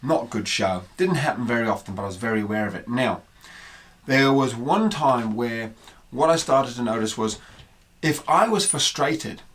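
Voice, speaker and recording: Man, dog trainer, podcast monologue, conversational storyteller, mid pitch. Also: expressive, normal speed, a bit bright. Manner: conversational, anecdotal, acts out quotes.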